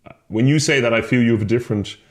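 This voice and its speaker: A man co-hosting a casual podcast chat, talking quickly in a rambling way and laughing often. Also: mid-range voice. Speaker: podcast co-host. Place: North Clare, Ireland.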